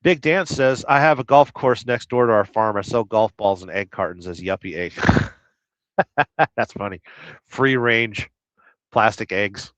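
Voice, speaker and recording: With long pauses and a slightly slow pace, this middle-aged Southern California trucker crudely rambles through viewer comments on a casual stream, humming nonsense syllables in between. His voice is on the low side with a fairly bright tone. There is no echo, and the lo-fi recording is slightly dull.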